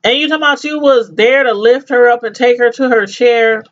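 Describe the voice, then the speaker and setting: A woman's voice: fairly high pitch, fairly even intonation, fairly quick. Middle-aged woman vlogger, emphatic, talks straight to viewers, slangy, repeats herself, lo-fi dull sound. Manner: emphatic, repeats phrases for effect; addresses viewers directly, informal slang. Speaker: vlogger commenting on news. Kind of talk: casual commentary to viewers.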